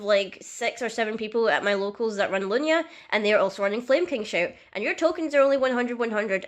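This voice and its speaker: A young woman vlogging casually in a chatty, self-mocking and dramatic way. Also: a little high. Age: young adult. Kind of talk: casual comedic vlog.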